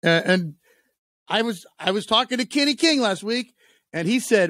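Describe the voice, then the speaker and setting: A man hosting a radio sports show, chatting casually and telling animated stories that he acts out in voices, on a studio microphone. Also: sits high, a little fast, dry recording. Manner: animated storyteller, does voices.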